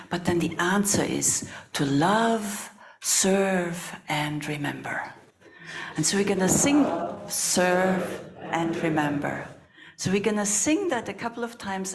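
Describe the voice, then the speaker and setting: A woman facilitator guiding a group through a circle exercise in a large hall, giving slow, gentle instructions. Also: fairly low pitch. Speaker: workshop facilitator.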